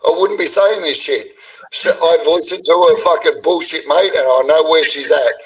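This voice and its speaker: A man's voice: a little high, normal speed, slightly rough. Profane, ranting Australian man, slightly distant. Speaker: stream guest. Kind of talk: heated casual chat.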